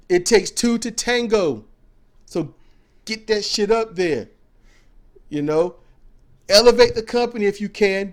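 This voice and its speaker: A man co-hosting a casual commentary show, talking bluntly and swearing freely. His voice sits high and swings widely up and down as he lectures. He sounds preachy and outspoken. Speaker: co-host commentator.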